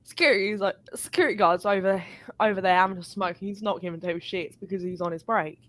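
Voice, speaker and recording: A woman telling an animated, sweary story in a casual live chat. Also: mid-range voice, quick pace. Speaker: guest.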